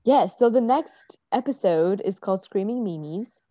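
A woman's voice: medium pitch, animated, unhurried, warm tone, no echo. A woman co-hosting a podcast in casual chat, giggly and playful, laughing often. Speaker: podcast co-host.

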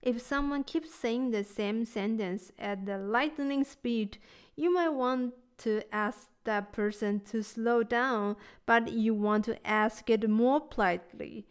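A woman teaching a language lesson, patient and encouraging, who says each word slowly and repeats it for learners. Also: fairly high pitch, smooth. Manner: gentle, encouraging.

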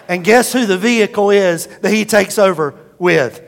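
A man's voice: high voice, normal speed, vocal fry, hardly any pauses, in a large hall. A male pastor preaching a sermon with emphatic delivery, calling out to the congregation for responses.

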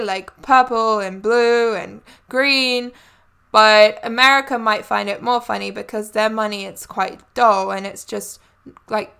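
A woman's voice: a little high, gravelly, bright, forceful tone, smooth. A woman hosting a solo podcast, talking in a chatty, friendly way with light laughs. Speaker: podcast host.

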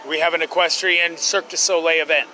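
A man's voice: on the high side, steady tone, quick pace. Rowdy, crude man on a busy street. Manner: loud, rambling, crude and effusive. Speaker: guest on a street podcast. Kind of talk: rowdy casual street chat. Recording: street noise behind.

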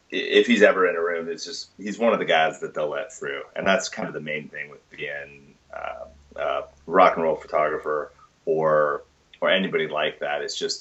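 Very deep-voiced man, candid and blunt. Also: a bit bright. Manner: candid, swears freely. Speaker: podcast guest. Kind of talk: casual interview chat. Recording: dull lo-fi recording.

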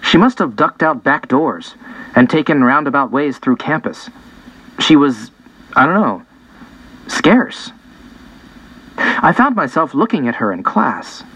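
A man's voice: medium pitch, very animated, a little slow, pauses often, a bit bright, husky, no echo. A man reading a first-person audiobook in a casual, conversational way. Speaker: audiobook narrator. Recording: dull, dry lo-fi recording.

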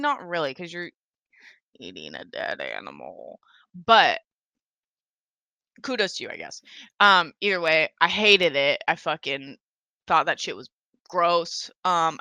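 A woman's voice: fairly low pitch, sharp tone, no room sound. A young woman hosting a casual solo podcast, rambling and swearing a lot. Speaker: podcast host.

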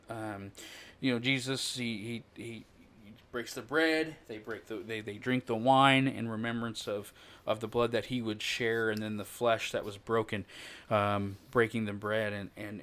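Man preaching a casual, halting sermon. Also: medium pitch, a bit bright. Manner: conversational, halting with many fillers and restarts; acts out quoted lines with raised voice. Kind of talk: informal sermon.

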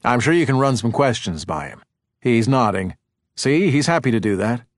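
A stubborn, defensive male forensic expert, as an audiobook narrator voices him, speaking in a measured, matter-of-fact tone at a middling pitch. The sound is dry, with no room echo. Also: expressive, natural voice.

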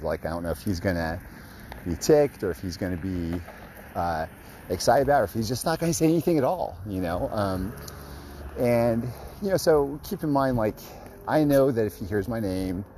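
Man, deep voice, rambling, gushing, faint background hum. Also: expressive, moderate pace, mellow, poor audio. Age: adult, grew up a fan. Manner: rambling, many fillers, gushing. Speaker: custom card maker. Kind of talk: excited casual storytelling.

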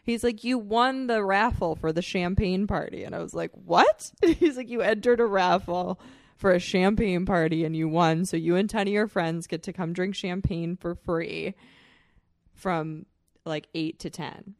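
A young woman spins a rowdy story for her podcast, swearing freely and breaking into laughter. Her voice sits a little low. The sound is dry and close, with no room around it. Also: moderate pace, no echo. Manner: profane, animated storyteller, laughs often. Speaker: podcast co-host. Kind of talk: casual chat, storytelling.

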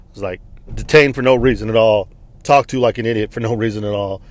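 Being interviewed, a man from Texas in the United States tells a personal story frankly and conversationally, swearing bluntly. His voice is fairly low and fairly even in intonation, he talks quickly, and there's no echo.

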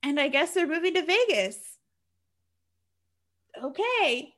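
A woman co-hosting a casual podcast, recapping a movie plot in a chatty, animated way with sarcastic asides. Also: high-pitched, slow pace. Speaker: podcast co-host recapping a film. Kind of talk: casual chat.

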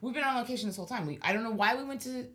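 A woman's voice: fairly high pitch, rapid-fire, fairly bright tone. A woman telling a long story in casual chat, rambling and self-deprecating, laughing now and then as she talks. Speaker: podcast guest storyteller.

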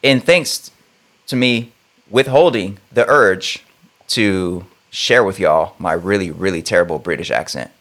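A man's voice: low voice, expressive, unhurried, fairly bright tone. A man co-hosting a podcast, chatting in an easygoing, joking way. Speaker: podcast co-host. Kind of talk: casual podcast chat.

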